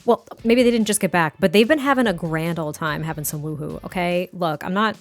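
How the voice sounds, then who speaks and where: A woman's voice: on the low side, brisk. A young woman, the host, giving casual, gushing gameplay commentary with frequent laughs. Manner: bubbly, gushing, laughs often. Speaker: gaming creator narrating a life-sim series.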